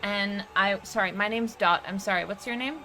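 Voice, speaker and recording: Bright-voiced Australian woman, hesitant player. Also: medium pitch, normal speed, a little hiss or hum, rough recording. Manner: hesitant, full of ums and likes. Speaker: tabletop game player. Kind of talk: in-character role-play.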